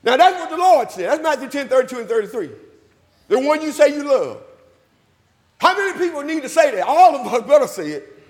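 A man preaching a sermon, calling for responses, repeating his phrases and rising to loud emphatic peaks. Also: very high-pitched, big pitch swings, fairly quick, in a large hall. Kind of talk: sermon with invitation call. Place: church hall.

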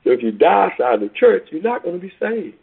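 A man preaching a sermon over a call, emphatic, swinging between loud peaks and quiet asides. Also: high-pitched, sing-song, brisk, creaky, breathy edge. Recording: tinny phone line.

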